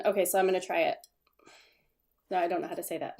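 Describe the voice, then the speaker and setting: A woman's voice: on the low side, steady tone, fast talker, creaky, pauses often, darkish tone. A woman hosting a casual live stream from her desk at home, chatting in a rambling way, reading viewer comments aloud and laughing at her own stumbles. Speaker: livestream host.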